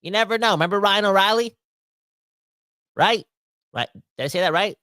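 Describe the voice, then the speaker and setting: A young man hosting a casual podcast, rambling and animated, swinging between fired-up outbursts and quieter asides. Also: high voice, moderate pace, dry recording. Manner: rambling with frequent restarts and self-corrections. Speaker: podcast host. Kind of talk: casual ranting podcast talk.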